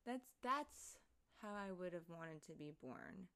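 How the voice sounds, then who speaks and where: A woman's voice: lowish voice, animated, a little slow, creaky, sharp tone. A young woman livestreaming, chatting casually and rambling with lots of swearing and laughing asides as she reads the chat.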